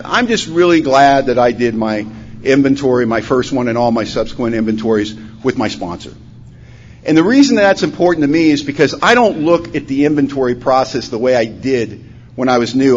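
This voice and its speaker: Heard on a dull lo-fi conference recording with a faint hum, a man from Washington state, USA, speaks in a mid-range voice. His personal testimony of recovery, given in a conference hall, has him acting out dialogue as he rises loud and sinks to a hush.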